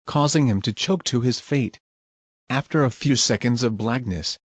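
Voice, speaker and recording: A man narrating scripted scene recaps in a plain, even manner. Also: medium pitch, dry recording.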